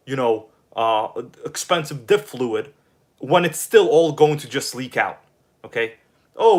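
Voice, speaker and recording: A man hosting a casual live stream and chatting with his audience, animated and quick to flare up with irritation. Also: a little high. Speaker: livestream host.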